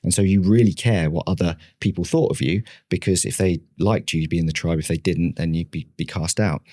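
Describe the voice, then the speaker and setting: Deep-voiced man telling a candid story. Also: a little fast, mellow, no room sound, clean studio sound. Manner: candid, self-deprecating, with frequent restarts. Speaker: podcast guest, marketing leader.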